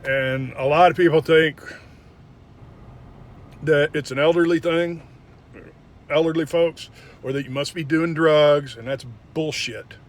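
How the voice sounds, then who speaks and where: Man, young adult, a bit high-pitched, blunt, profane, personal storytelling. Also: fairly even intonation, a little slow, pauses often. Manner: blunt, profane, emphatic retelling. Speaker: former indie wrestler.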